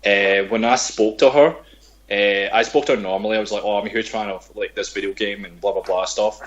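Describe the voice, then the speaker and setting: A man's voice: on the low side, fairly even intonation, a little fast, highs cut off. A young man with a Glaswegian Scottish accent, hosting a casual podcast chat, hesitant with many ums and restarts. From Scotland, Glasgow. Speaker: podcast host.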